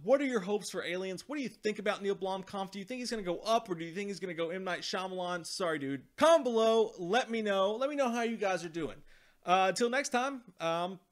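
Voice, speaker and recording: A man's voice: high-pitched, quick pace. A man hosting a movie review vlog, ranting with profanity and exasperation, sometimes mocking characters. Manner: slips into mocking impressions of characters.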